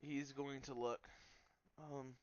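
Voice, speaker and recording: A man's voice: medium pitch, level tone, slow, no echo, muffled recording. A man narrating a tabletop game as game master, casual and full of fillers.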